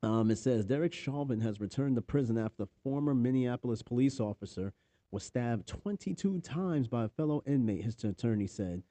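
A podcast host, married and New York-accented, reads news articles aloud with lively intonation at a moderate pace, breaking off for profane, offhand comments. The casual commentary comes in a mid-range, dark-toned voice without echo.

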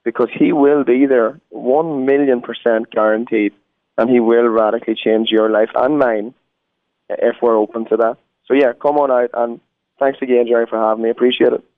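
A man's voice: mid-range voice, steady tone, moderate pace, no room sound. An Irish man, a guest musician, talking earnestly in a phone interview. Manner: earnest, preacherly. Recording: tinny phone line.

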